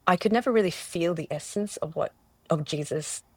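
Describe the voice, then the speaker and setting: Woman guest, low-pitched, earnest personal testimony, dry booth sound. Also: a little fast, a little mellow, husky, no room sound. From Australia. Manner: earnest, searching, with many restarts and self-quotes. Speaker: interview guest.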